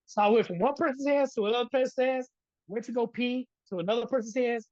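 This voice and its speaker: A middle-aged man recounts his past as an interview guest, animated and conversational, tossing in "right?" after his points. The recording is dry and a little dull, close with no room sound. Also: extremely high pitch, fast, no echo. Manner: animated, keeps adding "right?". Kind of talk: storytelling in a casual interview.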